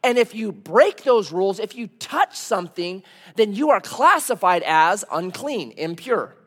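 Animated high-voiced male preacher. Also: unhurried. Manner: conversational preaching with rhetorical questions and storytelling. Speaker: pastor. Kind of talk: sermon.

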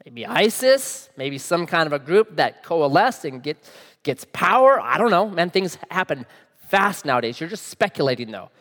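A man's voice: fairly high pitch, big pitch swings, moderate pace, a bit bright, in a large hall. A man preaching a sermon in a conversational way, often asking his listeners questions. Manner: conversational, asks the audience questions. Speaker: pastor.

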